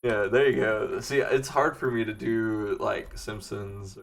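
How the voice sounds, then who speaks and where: Deep voiced young guy rambling on a podcast, laughs a lot. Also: a little slow, creaky. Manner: laid-back, rambling, laughs often, tries voices. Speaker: podcast co-host. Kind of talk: casual chat.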